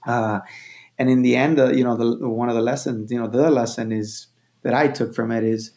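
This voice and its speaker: A man from Venezuela, a filmmaker guest, telling a story in casual chat, animated, repeating phrases and acting out quotes. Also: medium pitch, normal speed.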